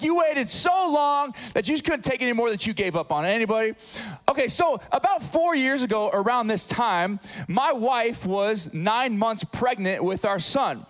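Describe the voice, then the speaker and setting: A man with a high, bright pitch preaches to his congregation in a church. He tells stories with energy, dropping low and quiet, then rising loud. He sounds like a pastor in his thirties. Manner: animated storytelling, swinging from hushed to loud. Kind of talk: sermon. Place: church sanctuary.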